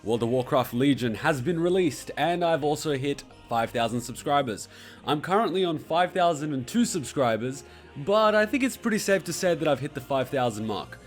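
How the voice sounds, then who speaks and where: A man's voice: a little high, animated, moderate pace, soft background music. A man from Serbia hosting his YouTube channel in a chatty, joking way. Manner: chatty, joking, swears for fun. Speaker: YouTube host. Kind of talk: casual vlog talk.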